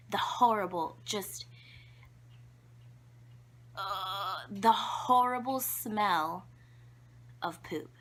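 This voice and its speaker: A young woman vlogger tells embarrassing childhood stories to camera, chatty and giggly, full of fillers and whispered asides. Her medium-pitched voice sounds pushed and bright.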